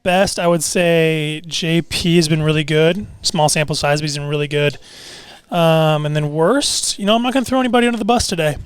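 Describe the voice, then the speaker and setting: A man's voice: a little high, brisk, smooth, no room sound. A young man from Seattle, a pro basketball player, answering interview questions in an easygoing way. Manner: easygoing, lots of "yeah" and restarts. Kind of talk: casual radio interview.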